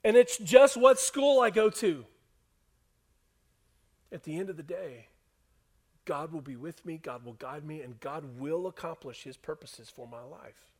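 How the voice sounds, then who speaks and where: A man preaching a sermon to a congregation, dropping to hushed lines and rising to loud, emphatic ones. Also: a little high, measured pace, long pauses. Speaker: pastor. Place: church hall before a congregation.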